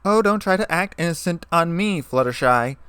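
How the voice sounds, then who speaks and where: A man's voice: medium pitch, animated, moderate pace, fairly bright tone, no room sound, close to an everyday voice. A man voicing a brash, teasing young female pony with a smug manner, in a storybook reading.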